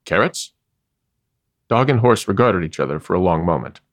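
A man reading a story aloud, measured and wry, with expressive delivery. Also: low-pitched, no echo, studio quality. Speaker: narrator.

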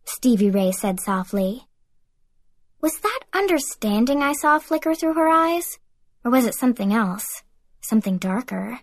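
A woman narrates a first-person audiobook in an expressive, lively reading voice. Her voice sits a little high, and the recording is dry and close with no room sound. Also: moderate pace, dry recording.

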